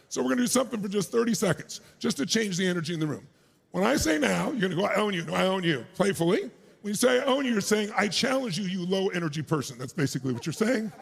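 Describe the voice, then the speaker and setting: A man giving a motivational speech to a live crowd on an arena stage. He is energetic and shouts to pump up the crowd, with crude, joking asides. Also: sits high, gravelly, breathy edge. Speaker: motivational speaker.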